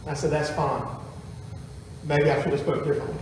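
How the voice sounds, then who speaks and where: A man's voice: fairly high pitch, steady tone, fairly quick, a little hiss or hum. A man, a pastor telling a family story in a folksy sermon to his congregation. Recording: echoey hall from far off.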